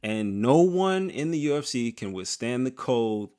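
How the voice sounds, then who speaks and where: Male MMA host, mid pitch, casual slangy rambling commentary, joking throughout. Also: sing-song, a little slow, darkish tone, clean tone.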